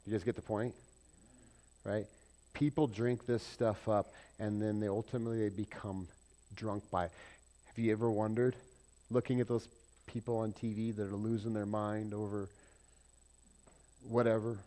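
A man preaching a sermon, asking his congregation questions and swinging between loud emphasis and soft asides. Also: lowish voice, flat delivery, normal speed, long pauses. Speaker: pastor.

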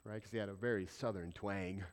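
A man preaching a sermon as pastor, animated and conversational, often putting questions to the congregation. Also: lowish voice, fairly quick.

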